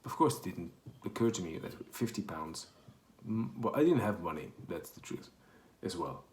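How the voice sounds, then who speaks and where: A man's voice: low-pitched, expressive, normal speed, a little mellow. A man from Portugal with a Portuguese accent, telling a rambling, self-correcting story in casual chat. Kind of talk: casual anecdote. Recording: echoey room.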